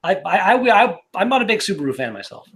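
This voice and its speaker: A man's voice: high-pitched, sing-song, quick pace, fairly bright tone. A man chatting casually with friends, reading game cards aloud and stammering over his words. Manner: laid-back, stammering, reads cards aloud. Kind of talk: casual chat over a party card game.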